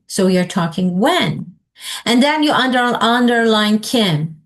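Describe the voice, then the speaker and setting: A woman's voice: fairly high pitch, lively intonation, takes it slowly. A woman leading a teacher training session, asking the group questions and modeling example sentences aloud.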